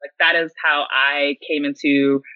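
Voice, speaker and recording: A woman's voice: sits low, measured pace, smooth, no echo, narrow, tinny audio. A woman in her thirties, a podcast guest and consultant, answering interview questions earnestly and with emotion. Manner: earnest, animated, tearful at times. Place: home.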